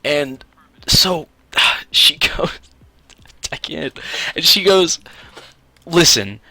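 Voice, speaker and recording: A man's voice: a little high, extremely slow, vocal fry, bright, forceful tone, no room sound. A young man telling a prank story casually, rambling with fillers and restarts and often laughing.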